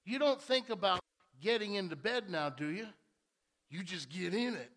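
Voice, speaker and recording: A man's voice: high voice, lively intonation, moderate pace, a bit bright. A male pastor preaching a sermon in a church, talking conversationally and repeating key phrases for emphasis.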